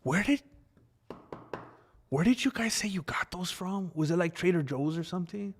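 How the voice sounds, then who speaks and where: A man's voice: high voice, expressive, moderate pace, slight background noise. A man chatting casually on a live stream, rambling about fighting and snacks, laughing often and answering his chat.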